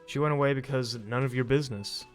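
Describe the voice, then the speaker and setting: A man's voice: mid-range voice, fairly even intonation, quick pace, faint music behind, natural voice. A man voicing a grumpy, sarcastic male cafeteria manager in a video game who demands money he is owed. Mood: irritated. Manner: sarcastic, exasperated.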